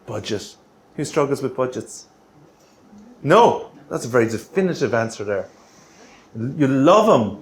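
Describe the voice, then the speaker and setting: A man's voice: medium pitch, lively intonation, normal speed, long pauses. Joking Irish man giving a workshop. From Ireland. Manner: chatty, teasing, ends points with "right?". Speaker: workshop presenter. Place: council meeting room.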